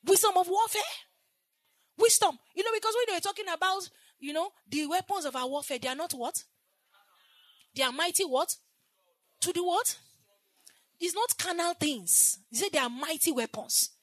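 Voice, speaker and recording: A woman preacher delivering a sermon, swinging from loud shouted exhortation to soft, hushed confession and repeating phrases for emphasis. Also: very high-pitched, animated, moderate pace, long pauses, no room sound.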